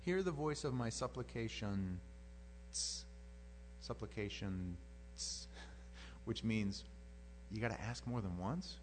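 A middle-aged pastor teaching from the Bible in a folksy, joking way, acting out quotes in silly voices. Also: male voice, fairly low pitch, slow pace, pauses often, slight background noise.

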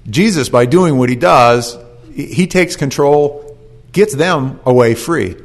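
Male preacher, sermon delivery, folksy animated storyteller, mid-pitched voice. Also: takes it slowly.

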